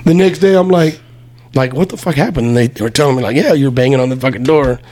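A man's voice: medium pitch, fast. A man telling profane drinking stories in casual podcast chat, acting out the quotes as he goes. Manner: profane, animated storytelling with acted-out quotes.

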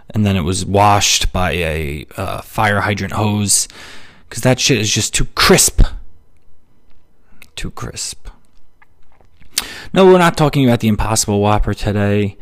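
A man hosting a solo comedy podcast, ranting sarcastically about everyday annoyances and mocking people in quick put-on quotes. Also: on the low side. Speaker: podcast host. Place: New York City.

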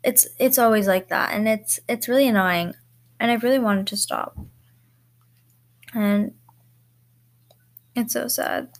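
A young woman with a slightly high voice rambles through a solo podcast, filling her talk with likes and ums. She pokes fun at herself in a loose, casual way. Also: a little slow, long pauses. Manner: self-mocking. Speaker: podcast host.

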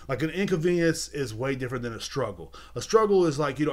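A man's voice: mid-range voice, animated, quick pace. Profane rambling young man ranting. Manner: profane, rambling, repeats words and phrases. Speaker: podcast host. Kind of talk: casual ranting monologue.

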